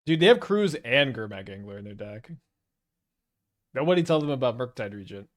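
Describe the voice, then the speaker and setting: A Canadian-accented gameplay commentator speaks briskly at medium pitch, his voice making big pitch swings. He rambles casually, reasoning aloud with hesitant restarts.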